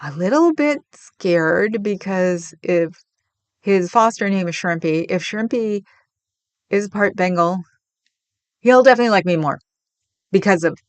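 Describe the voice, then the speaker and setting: This livestream host has a mid-range, animated voice, speaking a little slowly with long pauses and no echo. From the Bay Area, she chats casually with viewers, rambling and laughing a lot.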